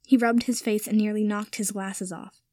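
A woman narrating a story in a steady, even reading voice. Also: medium pitch, moderate pace, dry recording, clean studio sound. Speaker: reader. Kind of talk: audiobook-style story narration.

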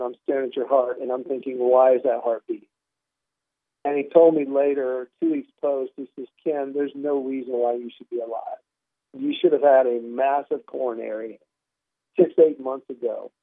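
A man, a comedian guest, telling a story in an animated, wry way and acting out the dialogue. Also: medium pitch, no room sound. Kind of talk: conversational storytelling. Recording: tinny phone line.

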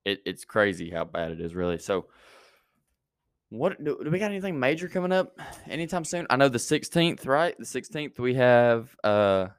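A man's voice: mid-range voice, very animated, normal speed, smooth, no echo, clean studio sound. A man hosting a youth church podcast, rambling with many fillers and restarts, then praying. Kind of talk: casual chat and prayer.

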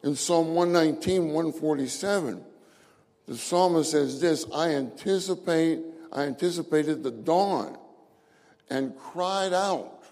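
A man preaching slowly with a gravelly edge, echoing phrases again and again for weight. His voice rings with long reverb in a meeting hall. He reads out scripture with rising force. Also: a little high, a little mellow. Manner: slow, repeats phrases for emphasis, calls out scripture. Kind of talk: sermon.

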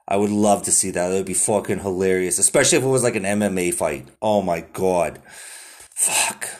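Profane, rambling young podcast host. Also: male voice, deep voice, fairly quick. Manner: profane, rambling, heavy "like" fillers. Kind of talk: casual news-commentary chat.

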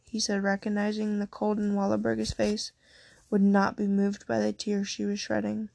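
A woman reads a fantasy story aloud at a steady, unhurried pace. Her voice is level in pitch with a gravelly edge. The recording is close and dry. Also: dry recording. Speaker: narrator. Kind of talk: reading fan fiction aloud.

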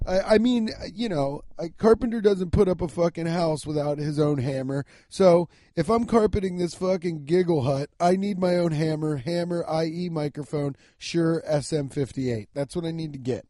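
A young man rambling on his podcast in a dark, mellow voice that sits a little high for a man. He swears freely, laughs at his own jokes and swings between shouting and drowsy mumbling, sounding tired as he talks lying down. The recording is dry and close. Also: normal speed, few pauses, dry recording. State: yawning, lying down. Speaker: podcast host. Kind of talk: casual solo podcast rambling.

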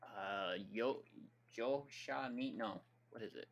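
A man's voice: mid-range voice, gravelly. A man co-hosting a casual podcast chat in a playful, teasing way. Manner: playful, quick to laugh and tease. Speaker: podcast co-host.

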